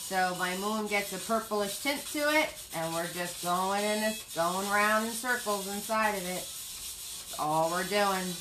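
A woman's voice: mid-range voice, measured pace, hardly any pauses, noisy background. A woman leading a live online painting class, chatty and playful, repeating her cue words in a sing-song way. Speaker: paint party instructor.

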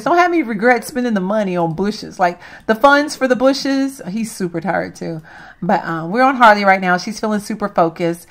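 A woman's voice: medium pitch, lively intonation, normal speed, fairly bright tone. Chatty woman narrating a life-sim game. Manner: chatty, addresses viewers as y'all, laughs at herself. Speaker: gaming channel host. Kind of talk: let's play commentary.

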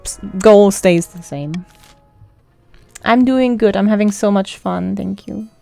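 A woman's voice: medium pitch, slow pace, gravelly, darkish tone, no echo. Chatty woman streaming a game. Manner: chatty, reads card text aloud, laughs often. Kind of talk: casual game commentary reading dialogue aloud. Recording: faint music behind.

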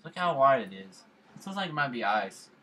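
A man talks through a puzzle game in casual let's play commentary. His voice is bright and sharp at an average pitch. He rambles, jokes and repeats silly phrases over and over. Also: very animated, a little fast, low-quality recording. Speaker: gamer.

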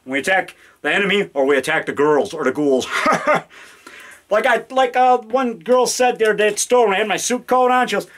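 High-pitched guy in his 50s rambling on camera in his basement, excitable, growly monster noises. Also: a little fast. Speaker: independent horror filmmaker. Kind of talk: rambling home video chat. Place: home basement. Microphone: handheld digital camera.

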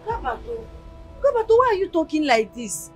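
A desperate young shop worker with a Nigerian accent, high-voiced and pleading with her boss. Faint music runs beneath her in this film scene. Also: big pitch swings, moderate pace. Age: young adult. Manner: pleading, begging.

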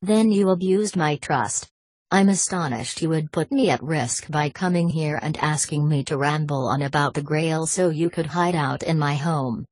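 A woman's voice: low voice, moderate pace, a little mellow, breathy edge, no room sound. A woman voicing a stern, wary older male scholar in an audiobook, cold and formal.

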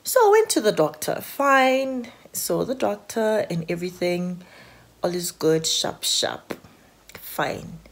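Low, gravelly South African woman vlogging. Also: very animated, takes it slowly. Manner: rambling, anxious, full of "like" fillers. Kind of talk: casual chat to camera. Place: at home. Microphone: handheld phone.

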